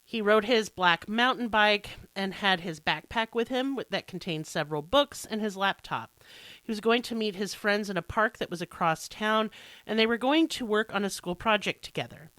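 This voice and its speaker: A woman's voice: medium pitch, animated, normal speed, fairly bright tone, dry recording. An American woman hosting a true crime podcast, telling the story in a casual, irreverent and self-deprecating way, with some swearing. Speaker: podcast host.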